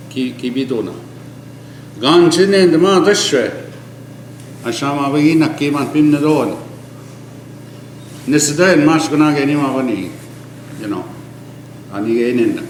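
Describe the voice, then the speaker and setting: An older man giving an oral history, earnest and emphatic, mixing an Indigenous language with English, often dropping to a low quiet tone. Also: slight background noise. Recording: echoey room with faint ambience.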